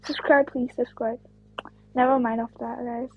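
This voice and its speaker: A woman chatting casually over her gameplay, rambling, slipping into whispers and breaking into sudden excited outbursts. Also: fairly high pitch, moderate pace, breathy edge. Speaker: gameplay streamer. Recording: dull lo-fi dry recording.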